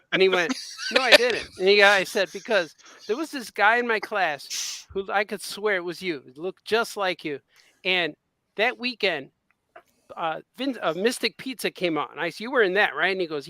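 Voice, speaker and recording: A man's voice: sits high, pushed and bright, no echo. A man co-hosting a podcast, telling an anecdote in a casual chat and acting out the quotes. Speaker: podcast co-host.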